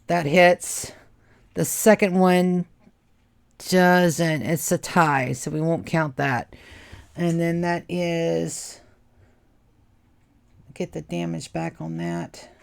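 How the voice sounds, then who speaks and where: Slow-spoken woman game master. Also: on the low side, steady tone, gravelly. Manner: slow, drawn-out gory narration. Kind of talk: narrating a tabletop game.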